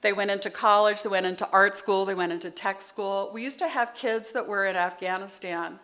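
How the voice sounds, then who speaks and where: Bright-voiced woman sharing her story. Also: mid-range voice, fairly even intonation, brisk. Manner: candid, conversational storytelling with asides; heartfelt, near tears at times. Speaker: recovery meeting speaker. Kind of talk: personal testimony at a meeting.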